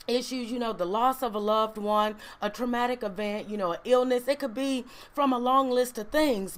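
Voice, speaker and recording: A woman's voice: a little high, fairly bright tone. A woman hosting a faith-based livestream, chatty and encouraging, often tagging "right?" onto her sentences. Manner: chatty and encouraging, peppered with "right?" and "you know". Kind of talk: casual inspirational talk to a live audience.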